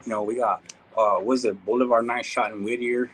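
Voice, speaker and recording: A man's voice: mid-range voice, fairly even intonation, a little fast, slightly rough, poor audio. A man from the Inland Empire, talking casually to his viewers as a YouTube creator, laid-back and full of slang. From Inland Empire, California. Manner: slangy, laid-back, calls listeners "dog" and "homie". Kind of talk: casual vlog talk to viewers.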